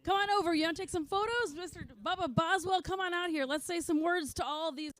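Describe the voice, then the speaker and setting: Bubbly high-voiced woman announcer. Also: fast talker, a bit bright. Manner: bubbly, joking, laughs often. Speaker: race announcer. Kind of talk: podium interviews.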